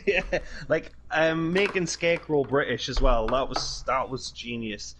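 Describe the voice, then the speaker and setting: A man's voice: medium pitch, animated, unhurried, background noise. A man co-hosting a podcast in casual chat, enthusiastic and laughing a lot. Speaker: podcast co-host.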